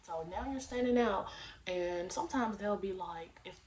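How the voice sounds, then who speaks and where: A woman's voice: mid-range voice, moderate pace, darkish tone, recorded from a distance, a little hiss or hum. A young woman giving casual, slangy job-search advice in a chatty way, acting out phone calls as she goes.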